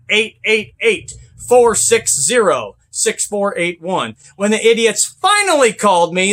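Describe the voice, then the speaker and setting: A man, a truck driver, ranting with sarcasm and heavy swearing about trucking companies, often bursting into shouts. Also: high-pitched. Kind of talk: angry ranting vlog.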